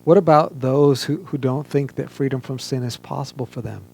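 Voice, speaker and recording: Male pastor, gravelly mid-pitched voice, earnest measured sermon delivery, faint hum behind. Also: darkish tone. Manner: earnest, measured preaching with emphatic pauses. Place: church, streamed online service.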